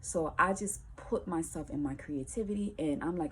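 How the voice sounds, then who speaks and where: A woman musician telling a personal story in a casual, colloquial way, lively and acting out the voices of the people in it. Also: deep voice, moderate pace, few pauses, slight background noise. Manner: animated, colloquial, acts out quoted voices.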